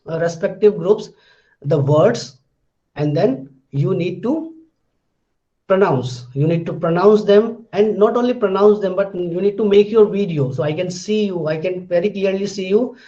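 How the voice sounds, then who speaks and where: A man talks through a pronunciation lesson and says sample words slowly again and again. His voice sits high but sounds dark and mellow. The recording is muffled and lo-fi. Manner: explanatory, repeats words slowly for students. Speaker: teacher.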